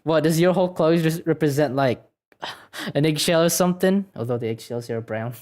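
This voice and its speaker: A man's voice: on the high side, brisk, a little mellow. A man streaming a detective game, giving goofy, joking commentary and laughing often.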